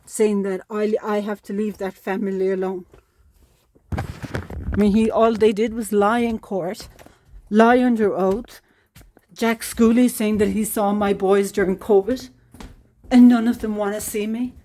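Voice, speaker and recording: Upset woman with a warm, mellow voice. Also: medium pitch, fairly even intonation, measured pace, long pauses, a little hiss or hum. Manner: upset, pleading, repetitive. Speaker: parent speaking out. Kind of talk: personal monologue to camera.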